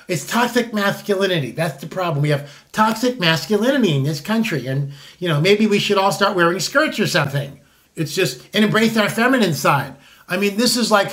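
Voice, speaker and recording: High-voiced man in his sixties, opinionated. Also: fairly bright tone. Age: 60s. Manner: rambling, with frequent restarts and repeated words; emphatic, disclaiming. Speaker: commentary show host. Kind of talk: opinionated casual commentary.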